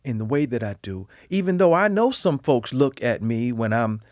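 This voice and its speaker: Animated man telling stories on a podcast. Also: moderate pace, no echo, studio quality. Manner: animated storyteller, lively swings in pitch and volume. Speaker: guest. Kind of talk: candid conversational interview.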